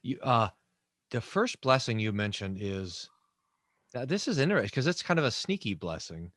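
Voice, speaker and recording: A man hosts an interview with lively, rising and falling pitch, often restarting his sentences as his ideas tumble out. The sound is dry and close, without room echo. He talks at a middle pitch for a man. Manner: enthusiastic, halting with many restarts. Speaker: pastor and host. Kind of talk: long-form interview chat.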